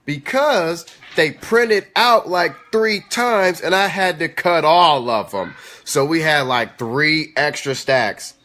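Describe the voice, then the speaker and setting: A man at home hosting a casual live-stream chat, telling stories in an animated way and talking back to his viewers. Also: a little high, slow.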